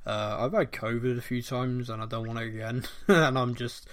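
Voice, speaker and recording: A man with a Bristolian accent hosts a relaxed podcast, reading listener questions aloud in a medium voice. He laughs easily and pokes fun at himself between questions. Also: medium pitch, moderate pace. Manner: reads listener questions aloud, laughs often, self-deprecating. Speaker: podcast host. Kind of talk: casual podcast chat.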